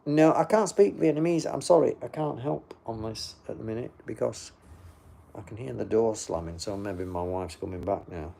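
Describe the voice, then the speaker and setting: A man's voice: fairly low pitch, steady tone, moderate pace, gravelly, warm tone. An older man who chats in a casual, dry and rambling way as he answers live comments into a phone. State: sleepy, yawning. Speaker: livestream host.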